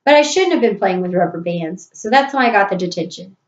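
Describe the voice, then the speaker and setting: A woman's voice: medium pitch, lively intonation, a little fast, lightly acted. Woman doing a sheepish, scheming schoolboy. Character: young schoolboy, sly and sheepish. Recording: roomy, dull recording.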